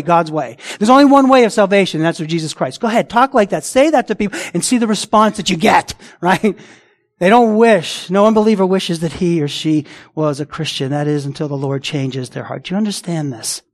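A man preaching a sermon as a pastor, talking conversationally with rhetorical questions, restarts and acted-out voices. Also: sits high. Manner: frequent restarts and repeated words.

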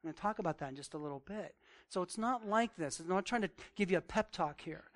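A man's voice: high-pitched, quick pace. A male pastor preaching a conversational sermon, reading scripture aloud and asking the congregation direct questions. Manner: reads scripture aloud, then riffs on it.

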